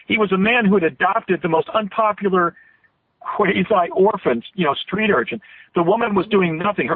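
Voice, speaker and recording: A guest on a radio show, this man has a high voice and comes through a tinny, dry phone line. He tells a long story in earnest detail, and at times his voice catches with emotion.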